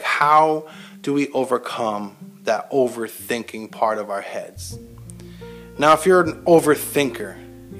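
A man's voice: medium pitch, fairly bright tone. A man telling a personal story in a casual, heavily profane, self-mocking monologue to his listeners. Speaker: military veteran host.

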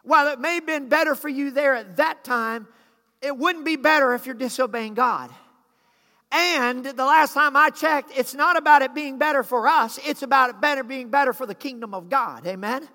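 A man preaching in a church, his voice high and bright. He calls out to the congregation and acts out the people in his story. The sound rings with a long hall reverb. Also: normal speed. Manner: preaching with rising intensity, calls to congregation, acted asides. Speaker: pastor. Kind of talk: sermon. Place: church sanctuary.

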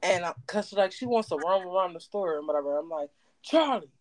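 A woman chatting on a podcast, telling lively stories with loud imitated screams. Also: lowish voice, fast talker, poor audio. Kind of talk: casual chat.

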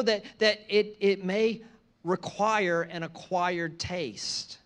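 A man preaching a sermon, moving from conversational asides to loud, emphatic repeated phrases. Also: high voice, fairly even intonation, takes it slowly. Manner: conversational asides between scripture lines. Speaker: pastor.

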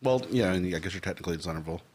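A man's voice: deep voice, lively intonation, rapid-fire, darkish tone, slightly rough. A man chiming in with wry jokes and questions during a casual chat. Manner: wry, joking interjections.

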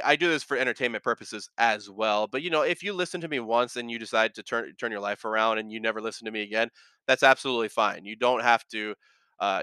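A man's voice: on the low side, bright, forceful tone, smooth, no echo. A man hosting a casual solo podcast, talking in an earnest, rambling way that often corrects itself, with a slight lisp. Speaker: podcast host.

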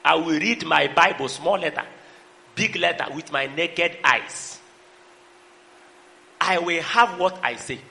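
A middle-aged man preaching a sermon, calling out to the congregation and shouting for emphasis. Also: fairly high pitch, takes it slowly, vocal fry, pauses often. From Nigeria. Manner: preaching with call-and-response, breaking into song and shouts. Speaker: pastor. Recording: long hall reverb.

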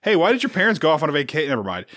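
A man's voice: a little high, big pitch swings, racing, fairly bright tone, no echo, studio quality. A man co-hosting a casual podcast, reading a movie summary with playful asides and self-corrections. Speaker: podcast co-host.

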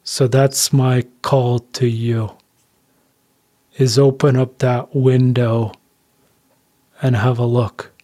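Male co-host, mellow, deliberate, reflective. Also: medium pitch, level tone. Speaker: podcast co-host. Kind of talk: reflective interview talk.

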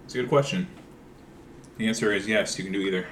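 Deep-voiced deadpan man co-hosting. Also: fast talker, a little hiss or hum. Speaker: podcast co-host. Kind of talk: casual podcast chat.

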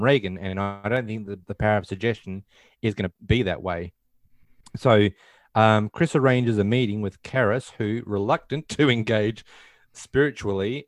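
Male co-host, low register, casual rambling recap, dry close sound. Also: dry recording. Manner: rambling, acts out quotes in passing. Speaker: podcast host. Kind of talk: casual film recap chat.

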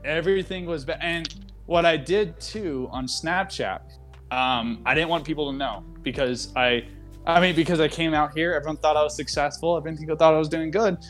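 A man's voice: on the high side, moderate pace, fairly bright tone, faint music behind. A young man hosting a casual podcast from his desk at home, talking in a rambling, candid way full of fillers and restarts. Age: young adult. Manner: rambling, open and candid, with frequent fillers and self-interruptions. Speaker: podcast host. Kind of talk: casual chat.

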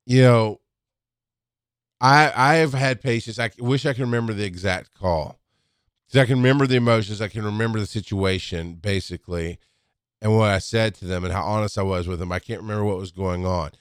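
A man speaks in a clear, resonant voice, recorded dry and close with no room sound. He tells a casual, rambling monologue, candid and direct, often restarting his sentences as he goes. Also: fairly low pitch, a little fast, no room sound. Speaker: paramedic.

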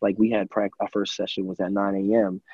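A young man with a low, husky, mellow voice tells his story as an interview guest, loose and chatty and full of filler words. He acts out what other people said as he goes. The audio sounds dry and a bit dull. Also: brisk, no room sound. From USA. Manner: animated storyteller, many fillers, acts out quotes. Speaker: guest, former college football player.

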